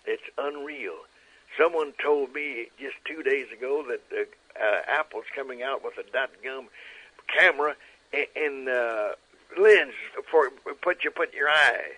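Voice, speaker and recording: Animated storyteller in his nineties. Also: medium pitch, a little slow, poor audio. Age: 90s. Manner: animated storyteller, acting out quotes. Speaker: guest. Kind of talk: storytelling interview.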